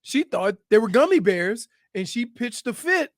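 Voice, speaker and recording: A man's voice: sits high, normal speed, no echo. A man co-hosting a sports radio show, telling stories and arguing in casual studio banter. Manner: animated storyteller, interrupts often.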